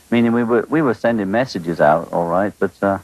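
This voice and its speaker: A man's voice: on the low side, normal speed, dry recording, rough recording. A man from England with a Liverpool accent, a musician guest chatting casually on a TV talk show set, wry and offhand. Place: TV studio set.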